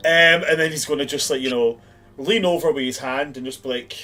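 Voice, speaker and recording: A man's voice: mid-range voice, fairly quick, sharp tone, soft background music. A man narrating and running a tabletop fantasy game as game master, rambling casually with lots of fillers.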